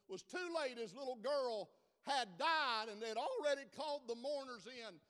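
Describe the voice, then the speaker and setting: A preacher with a very high, bright voice delivering a sermon. He builds from quiet storytelling to dramatic loud peaks, and his words ring out with a long hall reverb. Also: expressive, normal speed. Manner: preaching with dramatic rises in volume.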